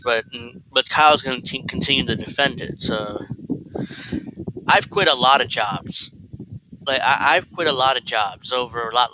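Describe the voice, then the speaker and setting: A man's voice: mid-range voice, bright, forceful tone. A man reacting to a clip on his live stream, talking bluntly and with profanity, stumbling over restarts. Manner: blunt and profane, with frequent restarts and incredulous outbursts. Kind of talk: casual reaction commentary. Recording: noisy stream audio.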